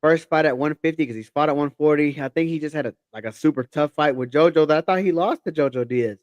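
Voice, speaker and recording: Relaxed man giving fight predictions. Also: a little high, fast, no room sound, muffled recording. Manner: relaxed, confident predictions, slangy. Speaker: podcast co-host. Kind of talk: casual combat sports talk.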